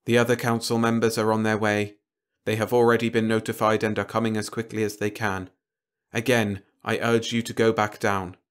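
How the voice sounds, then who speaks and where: A man's voice: fairly low pitch, clean tone, lightly acted. A man voicing an emotionless robot leader. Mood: cold, formal. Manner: flat, measured, polite.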